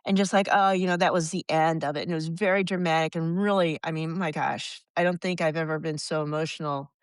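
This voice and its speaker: Sixties american lady rambling thru old stories, kinda low smooth voice, dry. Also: no echo. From United States. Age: 60s. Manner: rambling, animated anecdotes with quoted voices. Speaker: podcast guest. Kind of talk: casual storytelling.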